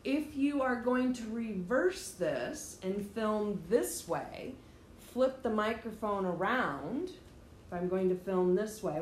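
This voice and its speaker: Woman teacher, mid-pitched, direct and emphatic lecture style, roomy echo with faint ambience. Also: a little hiss or hum. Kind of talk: classroom lecture. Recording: echoey room, faint ambience.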